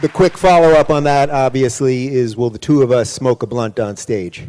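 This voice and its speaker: A man's voice: medium pitch, steady tone, normal speed, a little mellow. A man moderating a live stage question session, reading out audience questions in a playful, teasing way. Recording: reverberant hall on stage.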